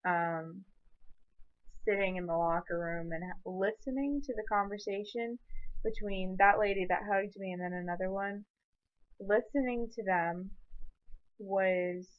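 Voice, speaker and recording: A woman's voice: mid-range voice, muffled recording. A young woman in a personal vlog, telling an emotional story in an earnest, rambling way. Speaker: vlogger.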